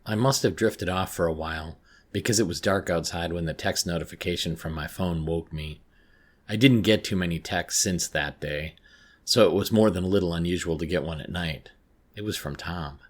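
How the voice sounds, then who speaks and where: A man narrating a first-person horror story in a measured, tense way. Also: low voice.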